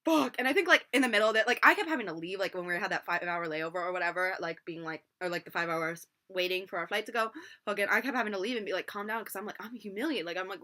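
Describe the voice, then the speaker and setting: A woman's voice: medium pitch, sharp tone. A young woman in her twenties telling a rambling storytime, full of swearing and filler words, recorded on a laptop microphone. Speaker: vlogger. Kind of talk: storytime vlog. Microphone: laptop built-in mic.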